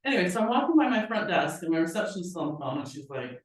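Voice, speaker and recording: A woman's voice: on the low side, racing, hardly any pauses. Echoey far-off woman presenter. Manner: animated, acts out quoted people with voices. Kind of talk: storytelling in a training seminar.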